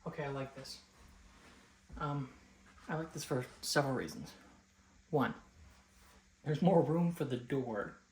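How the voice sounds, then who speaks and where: Young man, casual home vlogger, rambling and chatty, mid-pitched everyday voice. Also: measured pace, pauses often, darkish tone, roomy sound, slight background noise. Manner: rambling, chatty, filler-heavy. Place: home, rooms and stairs.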